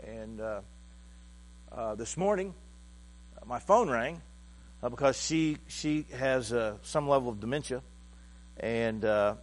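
Halting, heartfelt male pastor preaching. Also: mid-range voice. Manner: halting, repeats words, heartfelt storytelling. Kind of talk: sermon.

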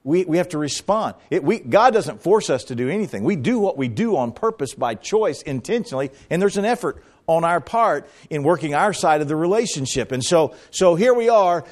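A man's voice: on the high side, big pitch swings, fairly quick, few pauses, darkish tone. A middle-aged man preaching a sermon as pastor, dramatic and swinging his voice up and down as he acts out quotes.

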